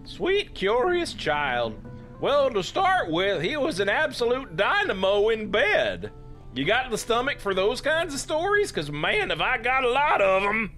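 A man putting on a nosy, bawdy older woman who stretches her words out teasingly. The voice rides up high and sounds bright and lively. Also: measured pace, faint music behind, full character voice.

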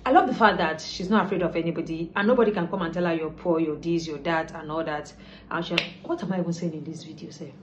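A woman with a Nigerian accent chats to her viewers in a loose, lively commentary, sliding between English and pidgin. Her recording sounds a little dull and lo-fi. A faint background hiss sits under it. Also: low-pitched, quick pace. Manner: chatty, mixes pidgin, lively asides. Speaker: lifestyle vlogger. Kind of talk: casual commentary to camera.

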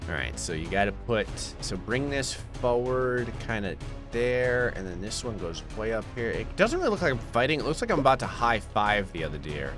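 Excitable man doing game commentary. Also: mid-range voice, normal speed, music in the background. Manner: excitable, jokey, talks back to game characters. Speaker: gaming YouTuber. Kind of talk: comedic let's play commentary.

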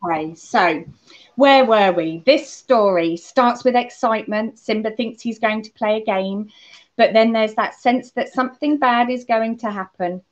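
A woman leading a children's holiday club, telling a story and talking gently to the kids. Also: a little high, unhurried. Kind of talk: children's talk on a Bible lesson. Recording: muffled lo-fi church recording.

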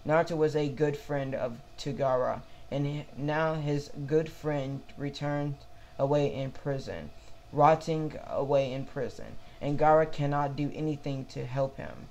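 Man reading as a young ninja girl consoling a friend, slow and gravelly. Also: a little high, fairly even intonation, a little mellow, a little hiss or hum, rough recording. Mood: earnest. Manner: halting, stumbling reading. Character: young kunoichi friend, earnest.

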